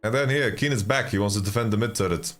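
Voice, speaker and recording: A man giving casual esports commentary on a stream, sleepy and yawning, with relaxed speech and stammering restarts as he answers chat. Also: lowish voice, quick pace, faint music behind. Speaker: esports caster and analyst.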